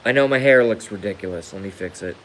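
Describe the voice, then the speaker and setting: A man's voice: on the low side, fast talker, fairly bright tone, a little hiss or hum, rough recording. A man ranting on a live stream, emotional and emphatic, repeating his points to hammer them home. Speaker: livestreamer.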